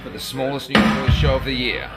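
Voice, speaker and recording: A man's voice: mid-range voice, little pitch movement, brisk. A man in a touring band, talking casually to the camera in an upbeat, chatty video diary. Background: loud music.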